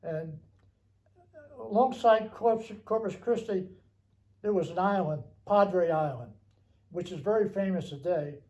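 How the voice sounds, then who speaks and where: An older man with a high, mellow voice recounts his memories. He rambles, stops often and restarts his sentences as he goes. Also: rough recording. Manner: rambling, halting, with many restarts. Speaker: veteran interviewee.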